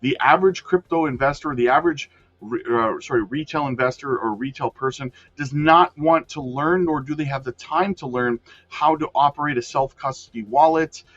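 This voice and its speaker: A man's voice: mid-range voice, a bit bright, highs cut off. A man hosting a crypto news show, reading the news aloud and breaking off into casual asides to viewers, often correcting himself. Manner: addresses viewers as guys, frequent self-corrections.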